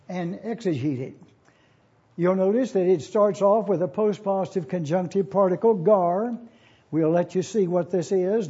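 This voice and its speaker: Homem pregador didático com voz aguda e abafada. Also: male voice, high voice, mellow, lo-fi sound. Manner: deliberate and didactic, spells out Greek words letter by letter, clears his throat often. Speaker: preacher teaching a Bible lesson. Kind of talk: expository Bible teaching.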